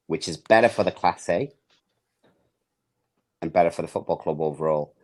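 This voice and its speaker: On his laid-back football podcast, this host swears, speaks with emphasis and performs quoted lines in others' voices. He talks at normal speed with frequent pauses, in a low, darkish voice.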